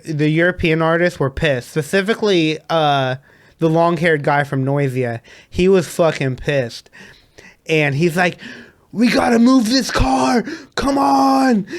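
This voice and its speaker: A man, a DJ, telling a story in a casual, animated way and laughing often. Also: a little high, clean tone. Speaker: DJ guest.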